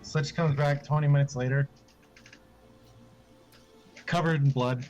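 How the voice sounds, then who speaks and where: A man's voice: fairly high pitch, steady tone, unhurried, darkish tone, lo-fi sound, faint music behind. Offhand man narrating a tabletop game. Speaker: game master.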